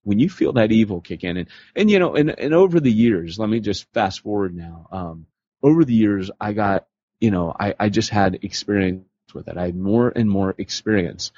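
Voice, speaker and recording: A man co-hosting a podcast, telling stories in a casual, animated way and slipping into voices for the people he quotes. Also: fairly low pitch, normal speed, breathy edge, dry recording. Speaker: podcast co-host. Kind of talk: casual storytelling conversation. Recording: dull lo-fi podcast audio.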